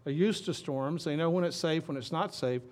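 A man's voice: a little high, normal speed, a little mellow. A man preaching a sermon in a conversational way, reading scripture aloud and then talking it through. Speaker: pastor.

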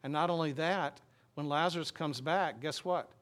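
A male pastor preaching a sermon in a conversational way, reading scripture slowly and explaining it with frequent restarts. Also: a little high, a bit bright. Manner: reads scripture aloud slowly, then explains it plainly.

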